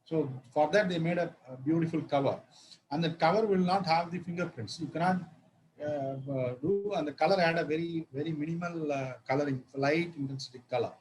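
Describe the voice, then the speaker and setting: Halting male law lecturer. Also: on the high side, low-quality recording. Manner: halting, many fillers and restarts, spells words out.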